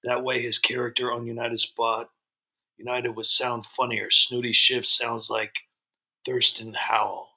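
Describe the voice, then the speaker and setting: This livestream host talks casually and ramblingly, saying hello to viewers, reading out their comments, and often stopping to um or start over. He has a mid-range, strikingly bright voice with a gravelly edge, a level tone, and a measured pace.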